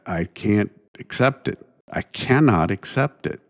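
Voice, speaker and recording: A man hosting his own show, ranting indignantly in a halting way, restarting phrases and sighing between thoughts. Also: on the low side, lively intonation. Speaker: podcast host. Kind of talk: solo opinion rant.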